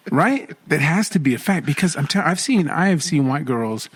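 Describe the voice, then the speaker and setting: A man co-hosting a podcast, chatting casually and lively, slipping into quick impressions. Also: a little high, breathy edge. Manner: animated storyteller who puts on voices. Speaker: podcast co-host. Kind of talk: casual chat.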